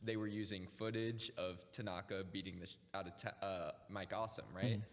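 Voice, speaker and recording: An excitable young man talks about wrestling as a podcast guest. He swears freely and laughs easily as he speaks. His voice has a long reverb around it. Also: deep voice, a little fast. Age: young adult. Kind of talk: casual chat.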